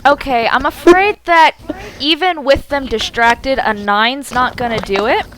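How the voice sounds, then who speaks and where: A woman's voice: sits high, a little slow. A woman narrating as game master in a casual voice-chat tabletop game, rambling and restarting as she describes the scene. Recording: noisy home voice chat.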